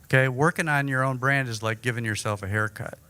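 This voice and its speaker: A man giving an energetic, chatty breakout-session talk at a conference, joking about himself. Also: mid-range voice, brisk, clear, resonant tone. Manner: energetic, chatty, self-deprecating. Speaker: workshop speaker. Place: conference room.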